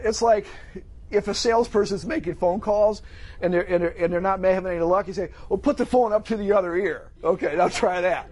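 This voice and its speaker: A middle-aged man with a husky, rather high voice delivers a sermon in a loose, conversational manner. He slips into the voices of people in the story, acting out their lines as he goes. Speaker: pastor.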